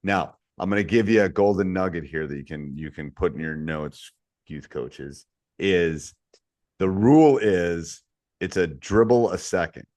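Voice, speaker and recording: A man with a very low voice talks through youth basketball coaching as a podcast co-host. His delivery is relaxed and story-driven, often dropping quieter for asides. The recording is dry and close. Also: measured pace, dry recording. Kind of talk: casual podcast chat.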